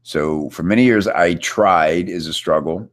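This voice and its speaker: A man with a remarkably deep, low voice hosts a live online coaching chat. He talks in a loose, upbeat way, full of fillers, and speaks to viewers from his computer. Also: a little slow. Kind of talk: casual coaching chat, reading viewer questions. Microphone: computer setup with screen share.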